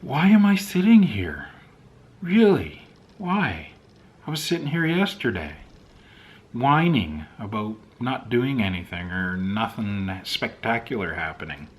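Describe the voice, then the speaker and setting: A man's voice: fairly low pitch, sing-song, unhurried. A man vlogging in a casual, ranting way, talking straight to his camera. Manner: ranting, chatty, talks to his dogs. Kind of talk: casual vlog chat. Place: outdoors in wind, then at home. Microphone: camera mic with windscreen.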